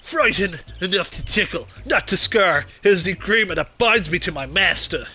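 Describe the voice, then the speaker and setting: A man's voice: sits high, lively intonation, moderate pace, sharp tone, soft background music, exaggerated voice. A man voicing a sleazy male demon disguised as a clown, with a theatrical put-on accent.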